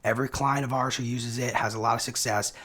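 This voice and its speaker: A man hosting a sales lesson, explaining cold-call tactics in an upbeat, energetic teaching manner. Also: medium pitch, fast. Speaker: sales coach and channel host. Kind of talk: instructional video lesson.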